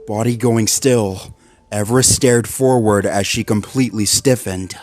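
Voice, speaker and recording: A man narrating a dark horror story in a measured way. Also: lowish voice, steady tone, no room sound.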